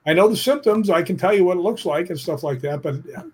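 A middle-aged man, a stunt performer, telling an animated story in a casual interview, often tagging his sentences with "right?". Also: sits high, fast talker, husky. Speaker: stuntman and actor, guest.

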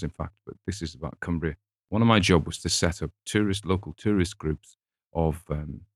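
A man's voice: sits low, no echo, clean studio sound. A middle-aged man hosting a casual book talk, wandering into anecdotes with chuckling asides. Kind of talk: casual rambling book chat.

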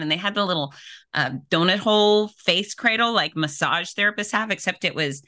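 A middle-aged woman with a low but bright, forceful voice tells her story on a podcast. She is lively and expressive. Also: a little fast. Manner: vivid, expressive, with laughs and acted-out quotes. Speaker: podcast guest, fitness expert and speaker. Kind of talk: animated storytelling in an interview.

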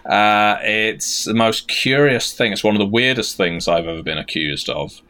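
A man's voice: lowish voice, normal speed, pushed and bright. A British man co-hosting a podcast, chatting casually in a wry, rambling, self-deprecating way. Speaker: podcast co-host.

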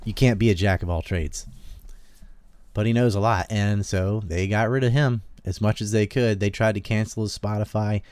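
Low-voiced Southern-raised man rambling. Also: steady tone, normal speed, darkish tone, smooth, no room sound. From American South. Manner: rambling, trails off and restarts, laughs often. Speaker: podcast host. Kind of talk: casual political chat.

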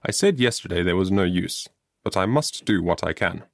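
A man's voice: sits low, animated, moderate pace, no echo. A man reading an audiobook, voicing a patient, determined pastor close to his own voice. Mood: earnest.

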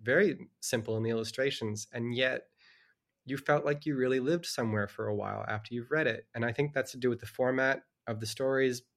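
A middle-aged man talks casually as a guest author. He is an animated storyteller who jumps into little character voices as he recounts a book. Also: mid-range voice, a little fast. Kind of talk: casual conversation.

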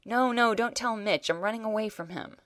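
A woman's voice: fairly high pitch, brisk, a bit bright, no echo, studio quality, voice pushed up, close to an everyday voice. A woman voicing a drugged, stubborn young woman on the run who speaks in a weary, insistent way.

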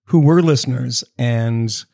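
Gravelly man, rambling podcast chat. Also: mid-range voice, a little mellow, no echo, clean studio sound. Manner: rambling, jokey, swears, does quick mock voices. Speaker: podcast co-host. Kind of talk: casual chat. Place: home setup on a video call.

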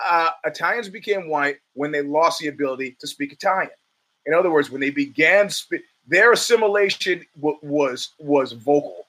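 Animated, rambling male podcast host. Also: fairly high pitch. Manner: rambling and animated, with many restarts and stammers. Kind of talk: casual monologue.

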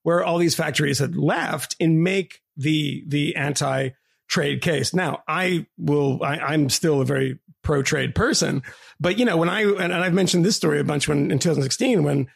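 Podcast co-host, male, rasp and fry in the voice, lively chatty delivery with laughs. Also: fairly high pitch, moderate pace. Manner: animated storyteller, laughs often, many restarts. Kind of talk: casual podcast discussion.

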